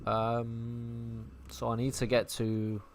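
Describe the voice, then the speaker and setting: A man's voice: mid-range voice, completely flat delivery, slow, a little hiss or hum. A man with a Manchester accent chatting and thinking aloud over a game he plays, casual and a little sweary. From England. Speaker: gaming streamer. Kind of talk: casual gameplay commentary.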